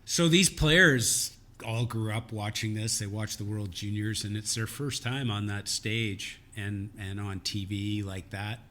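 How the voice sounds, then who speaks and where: A man from Canada, a former hockey player co-hosting a podcast, recalling his playing days in a relaxed, candid way. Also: fairly low pitch, a little slow, few pauses. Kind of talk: casual chat. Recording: faint background noise.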